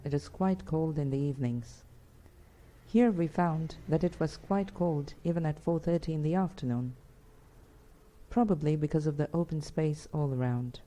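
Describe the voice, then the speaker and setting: A woman narrating an audiobook in measured first-person storytelling. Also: sits low, dark tone. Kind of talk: scripted narration.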